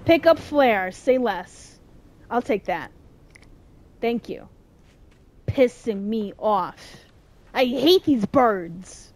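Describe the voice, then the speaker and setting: Excitable young woman gaming out loud. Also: a little high, very slow, long pauses, a little hiss or hum. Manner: excitable, yells at the game, jumpy. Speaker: gaming video host. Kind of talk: casual let's-play commentary.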